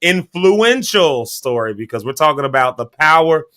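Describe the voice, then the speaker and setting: A man's voice: fairly high pitch, big pitch swings, moderate pace, sharp tone. A man co-hosting a morning talk show, chatting casually, laughing often and teasing his co-hosts as he tells a story. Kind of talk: casual chat.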